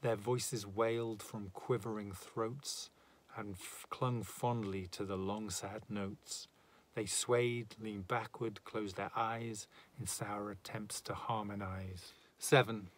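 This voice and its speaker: A man reading a narrative poem aloud in a measured, dramatic way. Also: on the low side, fairly even intonation. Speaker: reader.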